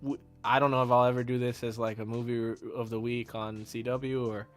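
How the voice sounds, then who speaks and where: A man's voice: medium pitch, flat delivery, fairly quick, faint music behind. Laid-back guy chatting movies. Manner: laughing, acts out movie lines. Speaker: guest co-reviewer. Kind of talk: casual chat.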